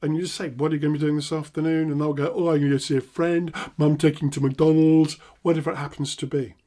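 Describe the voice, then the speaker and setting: A middle-aged man with an English accent, a hypnotherapist teaching an NLP technique with animated demonstrations. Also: a little high, quick pace. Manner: animated, acts out laughing prompts with loud bursts. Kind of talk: instructional talk with demonstrations.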